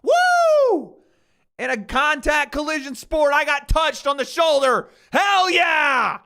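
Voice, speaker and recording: A man voicing a cocky young football punter who gloats in shrill, mocking shouts. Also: very animated, slow pace, exaggerated voice. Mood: gloating, mocking.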